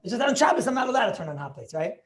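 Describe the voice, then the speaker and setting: A man's voice: extremely high pitch, sing-song, very fast. A man making a Talmudic argument in an online Torah class over a video call. He talks eagerly, restarts his sentences and keeps checking with "right?".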